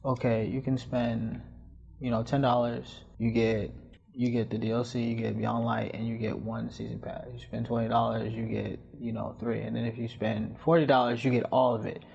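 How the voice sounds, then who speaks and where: A man with a mid-range, creaky, darkish voice with a breathy edge speaks flatly at normal speed. As host or guest on a podcast, he rambles casually through stories stuffed with fillers, recorded in dull lo-fi audio.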